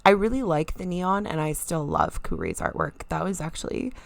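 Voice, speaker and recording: Teary woman streamer, gravelly voice. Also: low-pitched, wildly swooping pitch, normal speed, no room sound. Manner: emotional, thanking viewers warmly, rambling. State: teary, near crying. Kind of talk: casual live-stream chat.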